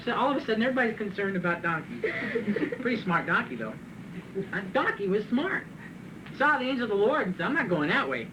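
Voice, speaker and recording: A man preaching a sermon, reading scripture and then retelling it in a joking, animated way with frequent laughs. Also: sits high, background noise. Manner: animated, joking, laughs often at his own asides; reads scripture aloud and then retells it in plain talk. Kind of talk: sermon with Bible reading and commentary.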